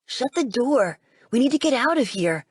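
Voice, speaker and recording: Audiobook boy, twelve, defensive and scared; woman narrator puts him on, husky tone. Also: big pitch swings, unhurried, darkish tone, dry recording, studio quality, exaggerated voice. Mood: tense. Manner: low huffy mutter.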